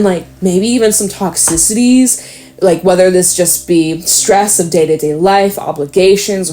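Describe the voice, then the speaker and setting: A woman's voice: fairly low pitch, mellow. A woman casually reading tarot cards, chatty and rambling, swearing freely and laughing often. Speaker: tarot reader.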